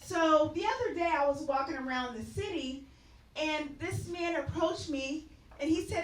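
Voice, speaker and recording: A woman's voice: high-pitched, normal speed, reverberant, distant mic, rough recording. A woman doing a stand-up comedy set on a club stage, chatty and laughing at her own punchlines.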